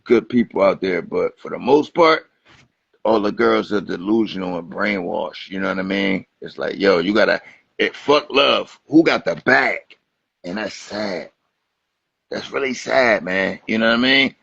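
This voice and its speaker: Gravelly New man, lo-fi stream. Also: deep voice, a little slow, dry recording. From Atlantic City, New Jersey. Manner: animated, profane storytelling. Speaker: guest rapper. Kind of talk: casual interview chat. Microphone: Instagram Live stream. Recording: lo-fi livestream audio.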